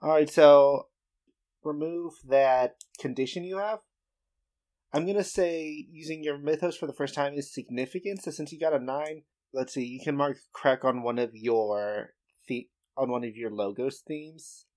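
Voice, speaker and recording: A man running a tabletop game as game master, calmly explaining rules and outcomes. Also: a little high, a little slow.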